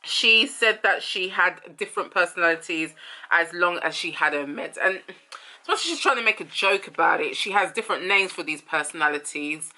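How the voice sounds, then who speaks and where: A woman's voice: on the low side, lively intonation, moderate pace, bright, forceful tone. A woman giving casual, opinionated commentary on a reality show, talking in a chatty way with many fillers. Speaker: reality TV reviewer.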